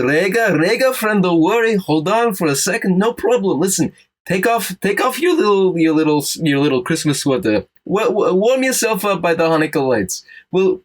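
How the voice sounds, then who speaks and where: A woman's voice: on the low side, pitched above the performer's own voice. Woman doing a flustered, stammering rabbi. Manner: stammering, fussing, reassuring. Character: kindly, flustered male rabbi.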